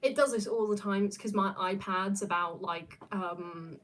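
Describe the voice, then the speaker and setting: A woman's voice: mid-range voice, measured pace, heavy background noise. Young Aussie woman streamer, rambly casual chat full of ums and restarts. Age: young adult. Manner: rambling, many fillers and restarts, laughs often. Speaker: streamer answering viewer questions.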